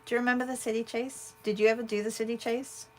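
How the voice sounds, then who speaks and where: A woman's voice: fairly high pitch, level tone, quick pace, slight background noise. A woman hosting an art livestream, chatting casually and answering viewers as she paints. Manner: chatty, thinks aloud and answers viewers' comments.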